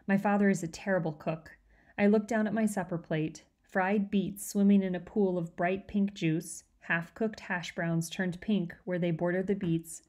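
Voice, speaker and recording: A woman teacher reading a novel aloud to her students, in a steady, clear storytelling manner. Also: lowish voice.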